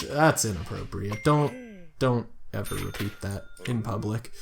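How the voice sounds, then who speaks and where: A man's voice: fairly low pitch, unhurried, vocal fry, soft background music. A tired man giving casual, rambling gameplay commentary late at night, thinking aloud with jokey asides. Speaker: let's play host.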